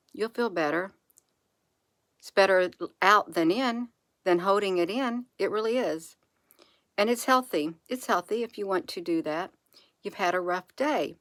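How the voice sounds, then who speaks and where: A woman speaking softly and reassuringly to her viewers, repeating phrases slowly in an encouraging spiritual monologue. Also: mid-range voice, dry recording. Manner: soft, repetitive, reassuring, with slow drawn-out phrases. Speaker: channel host.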